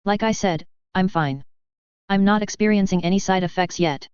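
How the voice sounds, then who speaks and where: A woman's voice: medium pitch, moderate pace, clean tone, no room sound, lightly acted. A woman reading fan fiction aloud, voicing an exhausted, sardonic young male wizard with a clipped, dry drawl, on a dull lo-fi recording. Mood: dry, prickly.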